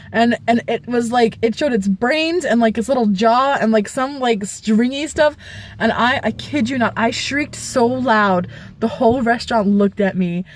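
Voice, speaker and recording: A young woman vlogger telling a story casually, animated, with squeals and shrieks as she retells it. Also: a little high.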